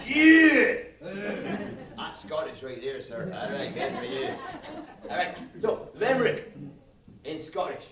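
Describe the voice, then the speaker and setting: A man doing loud stand-up comedy, bantering brashly with a live audience. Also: on the high side, huge pitch swings, slow pace, pauses often. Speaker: stage comedian. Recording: echoey live venue, distant mic, crowd noise.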